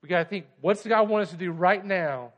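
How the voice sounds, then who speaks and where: High-voiced man preaching with urgency. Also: fairly quick, fairly bright tone, highs cut off. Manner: conversational storytelling asides. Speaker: pastor. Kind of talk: sermon.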